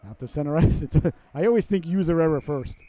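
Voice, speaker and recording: A man in his late forties calling a youth hockey game play by play, switching between excited play calls and chatty, self-deprecating asides. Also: no room sound. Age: 40s. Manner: voice rises and speeds up on rushes, drops low for asides. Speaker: play-by-play announcer.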